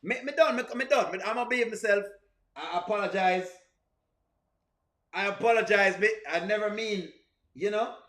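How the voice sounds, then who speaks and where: A man's voice: high-pitched, fairly quick, a bit bright. A man giving comic reaction commentary, playful and laughing, repeating lines as running jokes. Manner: playful, laughing, repetitive riffs. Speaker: reaction video host. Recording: roomy echo.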